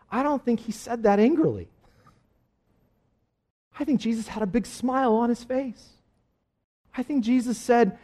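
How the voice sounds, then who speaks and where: Emphatic, high-voiced male preacher. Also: expressive, normal speed, pauses often. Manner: emphatic preaching, swinging between soft asides and loud exclamations. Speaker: pastor. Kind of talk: sermon.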